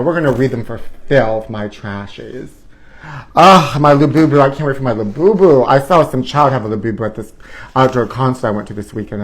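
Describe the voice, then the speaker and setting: Campy, flamboyant man hosting comedy. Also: medium pitch. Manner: flamboyant, drawn-out words, sudden squeals. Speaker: comedy show host. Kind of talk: campy live comedy chat.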